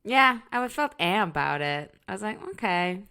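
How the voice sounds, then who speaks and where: A woman in her thirties co-hosting a podcast, chatting casually, laughing often and dropping quick asides. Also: medium pitch, animated, creaky, bright, forceful tone, smooth. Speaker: podcast co-host. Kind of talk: casual chat.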